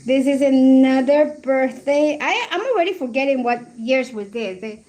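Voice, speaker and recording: A woman in her forties from Colombia with a high voice talks slowly as she hosts a live stream. She chats casually, laughs often and reminisces, reading comments from her chat between stories. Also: darkish tone. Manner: chatty, laughs often, reminiscing over photos. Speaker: livestream host.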